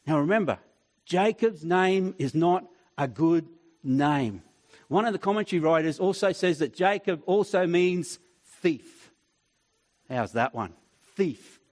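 High-voiced pastor preaching. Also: male voice. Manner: storytelling, acts out voices, drops to soft tender tone. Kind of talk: sermon.

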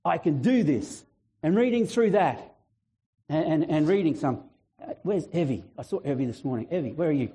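Animated male pastor, mellow voice. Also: fairly high pitch, a little fast. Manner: animated, acts out biblical voices, chatty asides; fluent, breaks into a shout. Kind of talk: sermon.

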